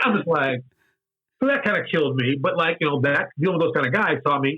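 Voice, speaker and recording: A man's voice: mid-range voice, lively intonation, fast, breathy edge. A man in his fifties, a game designer telling candid stories in an interview, often repeating phrases for emphasis. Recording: dull lo-fi sound.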